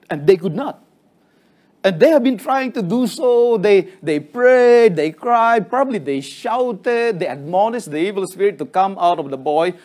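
A man's voice: sits high, a little mellow. A man preaching a sermon to his congregation, telling the stories in an earnest way and acting out the quotes. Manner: storytelling with acted quotes, earnest.

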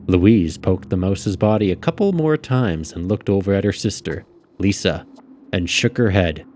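A man calmly reading a story aloud as narrator. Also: sits low, normal speed, a little hiss or hum.

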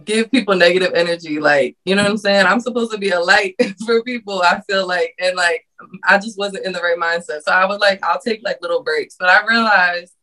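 A woman's voice: on the low side, brisk, sharp tone, low-quality recording. A woman guest on a podcast who creates content, talking in a casual, earnest and heartfelt way, laughing often.

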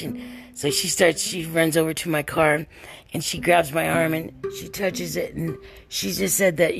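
A woman's voice: low-pitched, fairly even intonation, moderate pace, creaky, faint music behind. An older woman hosting a casual podcast monologue, telling a rambling, chatty story while tired and worn out. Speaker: podcast host.

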